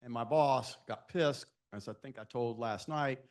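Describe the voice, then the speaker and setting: A man's voice: medium pitch, unhurried, a little mellow. A man in his sixties speaking to students at a live event, telling self-deprecating career stories and asking the audience direct questions. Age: 60s. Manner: anecdotal, self-deprecating storytelling.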